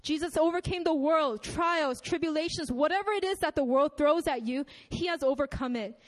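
High-voiced young woman preaching casually. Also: moderate pace. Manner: conversational, many fillers and asides; reads scripture aloud. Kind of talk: sermon.

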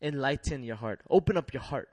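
A young man preaching a sermon in a lively, laughing way, leading the congregation in call-and-response. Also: medium pitch, brisk, no room sound.

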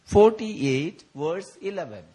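Male preacher, high-pitched, emotional testimony sermon in church. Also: takes it slowly, slightly rough. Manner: emotional, animated storytelling with laughs and outbursts. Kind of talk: sermon at a prayer meeting.

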